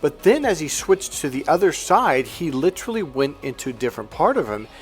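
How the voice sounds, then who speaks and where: A man speaking as a life coach, telling a client story in a lively way and acting out both voices in the exchange. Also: on the high side, brisk, faint music behind. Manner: animated storyteller, acts out both sides of dialogue. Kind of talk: coaching monologue with anecdote.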